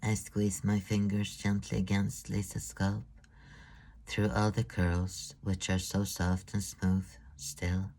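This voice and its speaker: Brief: man, audiobook narration, very slow, mellow, hesitant delivery. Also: fairly low pitch, completely flat delivery. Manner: slow, hesitant, restarting phrases. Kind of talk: scripted narration.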